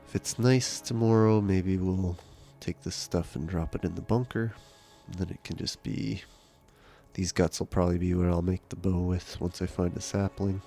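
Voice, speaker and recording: Faint music plays behind a man whose low, creaky voice keeps a moderate pace. He's live-streaming a survival game, relaxed and chatty, talking casually with viewers and reading their messages aloud, though a cold makes him sound stuffy and nasal.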